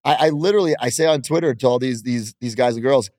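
A man's voice: medium pitch, quick pace, a little mellow, no room sound, clean studio sound. Brash, boastful man in casual talk. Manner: brash, boastful, laughs often. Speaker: professional wrestler guest. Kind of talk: casual interview chat.

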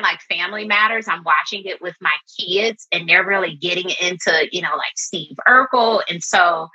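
A woman in her forties answering interview questions as a therapist, speaking in a reflective, calm, measured way with a husky voice. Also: on the low side, poor audio. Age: 40s. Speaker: therapist guest.

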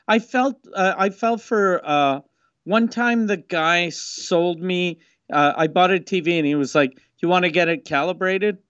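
A man's voice: high voice, unhurried, fairly bright tone, clean tone, dry recording, muffled recording. A man chatting casually and telling a rambling, profane anecdote. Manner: rambling, profane, hesitant fillers. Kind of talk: casual chat.

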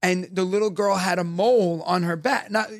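High-voiced gravelly man chatting. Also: steady tone, normal speed, no echo, studio quality. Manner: rambling storyteller, frequent "right?" and restarts. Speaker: podcast co-host. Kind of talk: casual chat.

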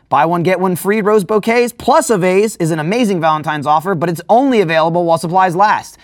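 A man's voice: high voice, dry recording, clean studio sound. A man reading a podcast sponsor ad in a mock-grand, joking way. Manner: mock-grand, jokey ad delivery. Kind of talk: sponsor read.

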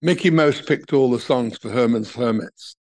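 An older man from England tells stories from his years as a music manager. He talks in a medium-pitched voice, chuckling as he goes. His telling is lively and full of asides. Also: normal speed. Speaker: talent manager, interview guest. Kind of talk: reminiscing interview answers.

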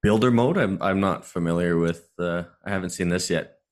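A man's voice: deep voice, level tone, moderate pace, clean tone. A man, a streamer guest on a podcast, chatting casually and explaining his views at length.

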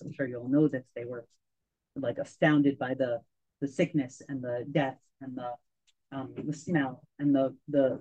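A woman telling a story to a group, halting and full of fillers and restarts, as a tour guide. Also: sits low, dark tone. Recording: dull lo-fi recording.

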